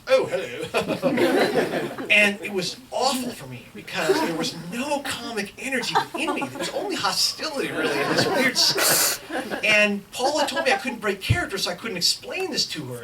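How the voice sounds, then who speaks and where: A man's voice: a little high, pushed and bright. A middle-aged man giving a lecture, telling a comic anecdote to a live audience and acting out the lines of the other people in it. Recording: distant mic with clear background noise.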